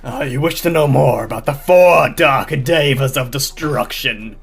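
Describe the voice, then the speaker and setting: Brief: male performer as a theatrical young villain-wannabe, loud, drawn-out proclamations, faint music bed. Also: vocal fry, breathy edge. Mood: grandiose. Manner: slow, booming, pompous declarations.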